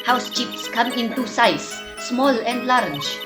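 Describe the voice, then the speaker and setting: A woman voicing a young female Russian waitress as a witness, with a put-on Russian accent and halting broken English. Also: on the high side, animated, over music, pitched above the performer's own voice. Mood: flat, testifying.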